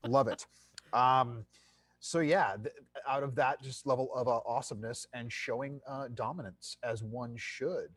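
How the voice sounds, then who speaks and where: A man's voice: medium pitch, fairly even intonation, normal speed, a bit bright. A man running a tabletop game as game master, in a playful way that laughs easily.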